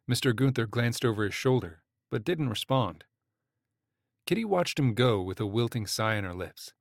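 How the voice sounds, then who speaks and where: A man's voice: medium pitch, expressive, normal speed, gravelly, no room sound, clean studio sound. Man narrating a romance audiobook. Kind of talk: scripted narration.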